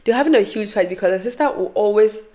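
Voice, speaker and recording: A woman's voice: medium pitch, quick pace. Emphatic woman telling a storytime. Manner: animated, emphatic repetition. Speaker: vlogger. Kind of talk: storytime advice vlog.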